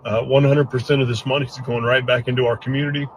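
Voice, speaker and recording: A man's voice: medium pitch, little pitch movement, fast, slight background noise, poor audio. A man giving an earnest, choked-up update after a storm, speaking bluntly. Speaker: hurricane survivor giving an update. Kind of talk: emotional first-person update.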